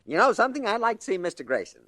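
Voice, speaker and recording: A man's voice: high voice, big pitch swings, rapid-fire, a bit bright, dry recording, clean studio sound. An actor playing a detective disguised as a chatty, folksy country hardware man in a 1940s radio drama. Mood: determined.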